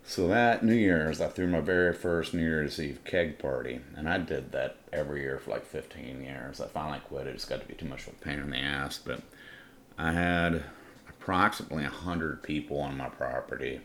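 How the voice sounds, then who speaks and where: A man's voice: extremely low pitch, moderate pace, a bit bright, slight background noise. A middle-aged man, telling a crude, defiant personal story in blunt, profane first-person style as a podcast host. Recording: roomy room with faint ambience.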